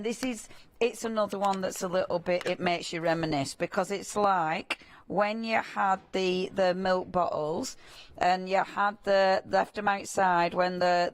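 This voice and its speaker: Northern English woman, lowish voice, chatty craft demonstrator on live shopping TV. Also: no echo. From Northern England. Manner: chatty, reminiscing, quick asides with laughs.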